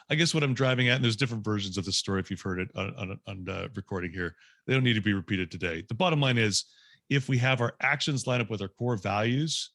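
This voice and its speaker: A man's voice: on the low side, fast talker, fairly bright tone, dry recording, clean studio sound. A man in his late forties tells a candid, self-mocking personal story to a group over a video call. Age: 40s. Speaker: guest speaker.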